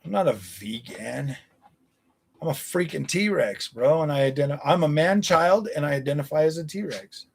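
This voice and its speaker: A man's voice: fairly high pitch, animated, normal speed, creaky, breathy edge. A man in his forties chatting on a live stream, answering viewers in a blunt, combative, profane way. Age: 40s.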